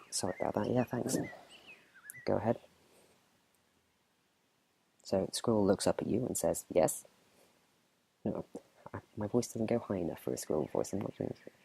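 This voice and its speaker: A man running a tabletop game as game master, narrating in a relaxed, chatty whispered role-play. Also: low-pitched, brisk, vocal fry, pauses often, husky.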